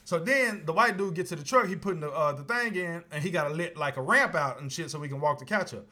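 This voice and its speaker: A man co-hosting a podcast, telling a story in casual chat with lots of laughter and sudden high-pitched outbursts. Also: quick pace. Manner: animated, laughing storyteller, voice jumps high when excited. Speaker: podcast co-host.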